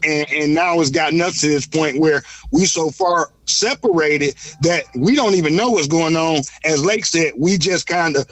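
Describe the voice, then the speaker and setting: A man's voice: on the high side, fairly bright tone, dry recording, rough recording. A man calling in to a talk show, stammering and repeating words as he makes his point. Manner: halting, repeats words, often asks "you know what I'm saying". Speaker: caller. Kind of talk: casual call-in talk.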